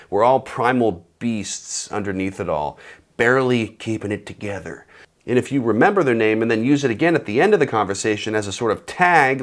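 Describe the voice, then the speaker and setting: Thirties male host, comedic advice talk, sarcastic and animated, mid-pitched. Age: 30s. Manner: animated, sarcastic, acts out phone calls.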